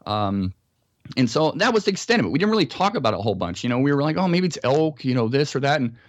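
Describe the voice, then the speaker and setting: A man's voice: medium pitch, sing-song, quick pace, dry recording. An American man, a podcast guest, telling a story in a casual interview and acting out sounds and quotes.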